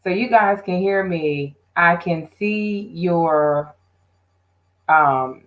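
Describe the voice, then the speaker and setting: A woman's voice: on the low side, extremely slow, rough recording. A woman hosting her own live stream, chatting casually and directly with her viewers. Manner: chatty, talks straight to viewers.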